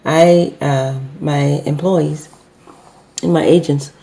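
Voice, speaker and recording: Low, mellow-voiced woman teaching. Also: steady tone, slow, creaky. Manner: hesitant, many fillers and self-corrections. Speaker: business owner teaching customer service. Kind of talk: unscripted instructional talk.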